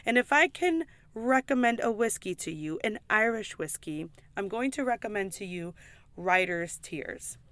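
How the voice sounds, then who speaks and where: A woman's voice: on the high side, expressive, moderate pace, hardly any pauses, fairly bright tone. A woman who works as a pub server, giving chatty, emphatic advice in a casual vlog, swearing freely and peppering her talk with "like" and "okay?". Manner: frequent "like" and "okay?" asides.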